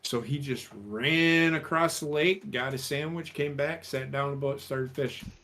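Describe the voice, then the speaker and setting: A man with a slightly raised voice tells a joke in a loud, animated way. He is a co-host on a casual podcast and laughs along with his own stories. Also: on the high side, moderate pace. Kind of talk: casual joke-telling chat.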